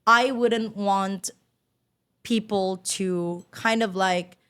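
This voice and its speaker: A woman's voice: mid-range voice, steady tone, extremely slow, a bit bright, clean tone. A woman guest on a podcast, a content creator speaking in an earnest, reflective way in casual chat. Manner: earnest, reflective, thinking aloud.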